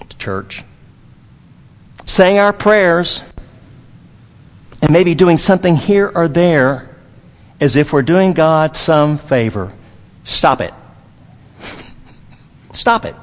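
A man's voice: high-pitched, in a large hall. A man from Dallas, Texas, preaching a sermon as pastor, emphatic and repetitive, with folksy humor.

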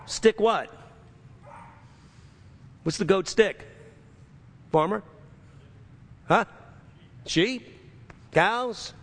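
A man preaching a sermon as pastor, emphatic and full of rhetorical questions to his congregation. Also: high voice.

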